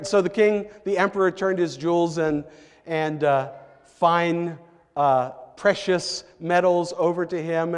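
A man preaching a sermon as a pastor, telling a story in an unhurried way with emphatic rises, heard in the long reverb of a church sanctuary. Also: on the high side, smooth.

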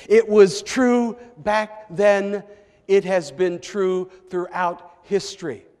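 Heard amid a church's long reverb, a man pitched high gives a pastor's sermon, relating a story without hurry and rising emphatically at points.

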